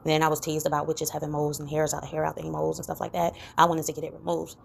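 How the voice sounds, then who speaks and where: A woman's voice: completely flat delivery, fast, a little hiss or hum. A woman talking reflectively in a personal vlog, rambling and full of "you know" fillers. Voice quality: gravelly low voice. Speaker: vlogger.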